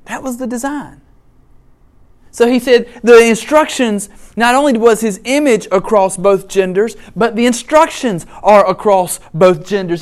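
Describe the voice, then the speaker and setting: A middle-aged man delivers a sermon in an animated, storytelling way. He mixes scripture with funny personal asides. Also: sits high, moderate pace. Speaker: pastor.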